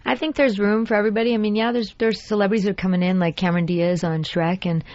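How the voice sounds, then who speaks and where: A woman voice actress as an animated, chatty guest in a radio interview, in a slightly dull, dry studio recording. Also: medium pitch, fast talker, dry recording. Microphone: studio microphone.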